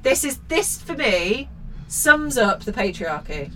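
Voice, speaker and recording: Bright, sweary woman podcaster. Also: on the high side, very animated, takes it slowly, rough recording. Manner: sweary, sarcastic, mock-outraged. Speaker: podcast co-host. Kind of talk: casual chat, reading a children's book aloud with commentary.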